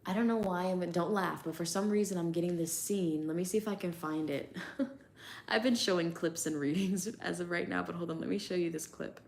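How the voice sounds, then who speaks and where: A young woman giving a chatty, animated livestream tarot reading, casual and loose with her swearing. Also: fairly low pitch, fairly quick. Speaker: tarot reader.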